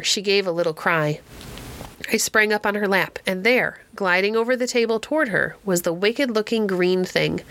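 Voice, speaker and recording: A woman narrating a classic novel in an even storytelling manner. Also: mid-range voice, dry recording. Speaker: audiobook reader. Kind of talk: scripted narration.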